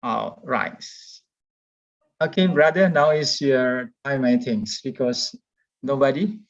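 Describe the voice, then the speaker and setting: A man's voice: medium pitch, slow. A man hosting an online discussion, patiently repeating his questions over a call. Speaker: meeting host. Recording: dull, lo-fi call audio.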